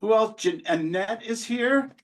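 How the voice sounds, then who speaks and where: A man's voice: high voice, lively intonation, measured pace. A man co-presenting on a video-call webinar, chatty and cheerful, a little unsure at times. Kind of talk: casual webinar chat.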